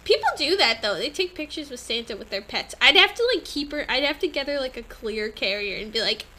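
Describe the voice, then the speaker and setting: A woman's voice: high voice, expressive, a little fast, sharp tone, poor audio. A young adult woman co-hosting a podcast, chatting casually and animatedly with lots of laughter. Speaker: podcast co-host. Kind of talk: casual chat.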